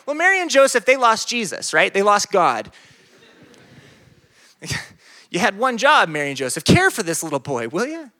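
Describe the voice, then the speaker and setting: A male pastor preaching to young people in a loose, conversational way, full of jokes and quick asides. His voice sits a little high and rings bright. He swings between big, excited peaks and quiet, earnest stretches. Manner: animated, joking, conversational. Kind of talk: sermon to a youth group.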